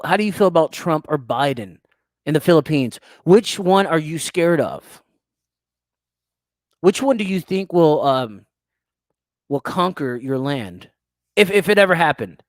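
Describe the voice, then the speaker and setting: A man's voice: on the high side, dry recording, clean studio sound. A young man, hosting a crude, teasing podcast chat and laughing often. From United States. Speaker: podcast host. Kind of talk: casual chat reading live chat.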